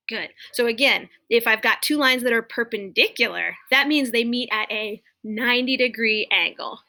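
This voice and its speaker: Woman instructional coach, young adult, bright and fairly high, clear modeling of classroom cues. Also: normal speed, hardly any pauses, slight background noise. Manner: clear, exaggerated call-and-response cues to imagined students. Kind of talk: instructional demonstration.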